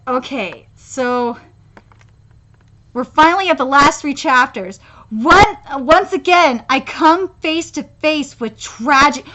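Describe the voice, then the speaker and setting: A woman's voice: high-pitched, animated, takes it slowly, pushed and bright, a little hiss or hum. A woman streaming a live manga reaction, talking emotionally and rambling with many fillers and restarts.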